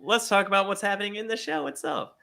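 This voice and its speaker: A man co-hosting a podcast in casual chat, animated and profane, laughing often. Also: high voice, quick pace, vocal fry, a crowd in the background. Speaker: podcast co-host.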